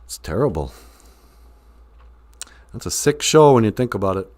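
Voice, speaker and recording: A joking live stream host who rambles from one thought to the next, his pitch rising and falling in a lively way. He talks casually to his viewers and reads out their comments. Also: moderate pace.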